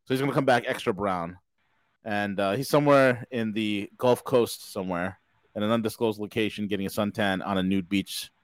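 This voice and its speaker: A man's voice: lowish voice, fairly quick, clear, resonant tone, dry recording, low-quality recording. A man hosting a casual live-stream talk show, jokey and rambling, laughing at his own gags. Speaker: host.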